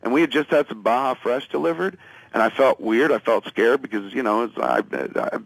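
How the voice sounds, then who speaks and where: A man's voice: mid-range voice, brisk, creaky, no room sound, rough recording. A man from the US East Coast, a phone-in guest telling a rambling, profane comic story and acting out the lines of the people in it. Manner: rambling, profane, acts out quotes.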